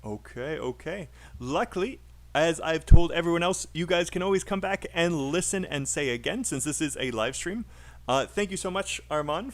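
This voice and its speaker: A man teaching a live online English speaking class, patiently coaching a student's pronunciation. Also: fairly high pitch.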